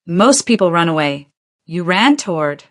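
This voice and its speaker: A woman voicing a dignified seventy-year-old mother who speaks calmly, steadily and firmly. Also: on the low side. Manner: calm, measured, firm.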